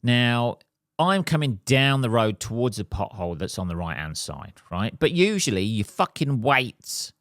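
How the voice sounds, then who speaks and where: A middle-aged man hosting a podcast, telling a story as an animated, sweary rant. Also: mid-range voice, measured pace, dry recording, studio quality. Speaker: podcast host. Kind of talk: casual monologue.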